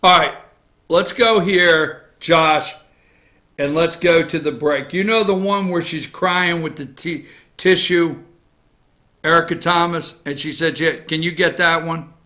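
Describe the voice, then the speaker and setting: A middle-aged man hosting an opinion talk show, ranting combatively and swinging between loud and low. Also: steady tone, a little slow.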